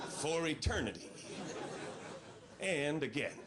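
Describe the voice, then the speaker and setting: A male stand-up comedian telling stories in a deadpan, incredulous way on a club stage into a handheld mic. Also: mid-range voice, moderate pace, over a noisy crowd. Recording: loud audience noise, live club.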